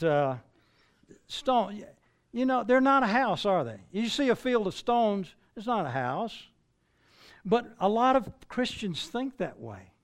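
Older man, preacher, sermon, fairly high voice, rhetorical questions, restarts phrases. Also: creaky. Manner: conversational, asks the listeners rhetorical questions; restarts and stumbles mid-phrase.

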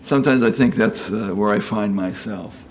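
A man in his sixties preaches conversationally, chatty and folksy, often checking "you know?" and imitating quoted voices. His voice is on the low side at a moderate pace, with slight noise in the background.

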